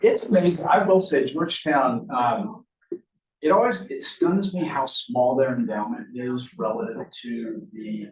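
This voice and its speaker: A man in his fifties in relaxed casual chat. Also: mid-range voice, unhurried. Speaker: workshop attendee. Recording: roomy echo, distant mic.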